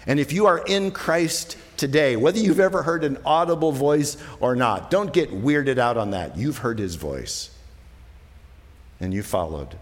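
Pastor preaching in a reverberant hall. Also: male voice, mid-range voice, expressive, unhurried. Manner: conversational preaching, swings between soft and emphatic. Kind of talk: sermon.

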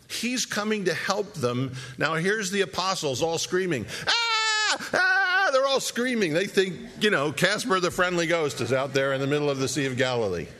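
Animated male preacher telling a story. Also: on the high side. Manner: animated storytelling, acting out scenes with rhetorical questions. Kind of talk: sermon.

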